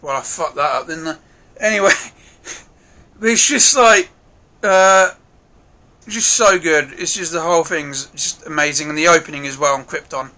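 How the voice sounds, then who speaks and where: A man reviewing a film in a casual, gushing way. His voice is high and bright, and he talks excitably and swears freely. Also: a little slow, long pauses.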